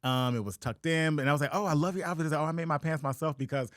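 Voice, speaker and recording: Male co-host, playful chatter at a brisk clip, dry close sound. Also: a little high, fairly bright tone, dry recording. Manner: playful, teasing. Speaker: podcast co-host. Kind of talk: casual chat.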